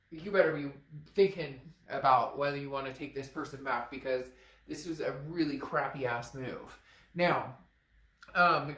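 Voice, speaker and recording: Animated woman in an echoey room. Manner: animated, frank, swears, acts out quoted lines in a high voice. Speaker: tarot reader. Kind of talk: casual tarot reading.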